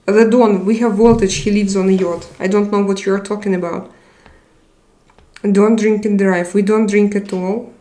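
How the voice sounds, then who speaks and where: A woman's voice: mid-range voice, little pitch movement, normal speed, mellow. A young woman hosting a casual live chat, reading viewer comments aloud and answering them. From Russia. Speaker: live stream host.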